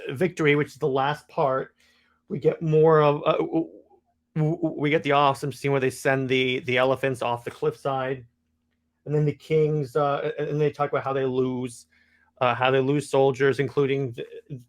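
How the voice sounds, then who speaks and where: Rambling, excited man reviewing comics. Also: mid-range voice. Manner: enthusiastic, loose and rambling, many fillers and restarts.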